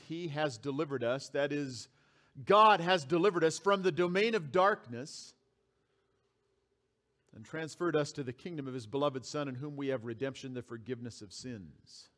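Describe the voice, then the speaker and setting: A man's voice: mid-range voice, a bit bright. A man preaching a sermon as pastor, reading scripture aloud and repeating key phrases for emphasis. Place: church sanctuary.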